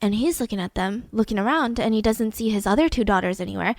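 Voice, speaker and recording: A woman hosting a podcast, telling a true-crime story in a casual, animated way with lots of "like". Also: mid-range voice, quick pace, no echo. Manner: chatty, animated, peppered with "like". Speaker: podcast host.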